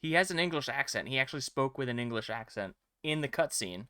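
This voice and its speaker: A man's voice: mid-range voice, animated, fast, pushed and bright, clean tone, no echo, clean studio sound. A man streaming a video game, chatting casually and joking about the characters. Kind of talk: casual chat.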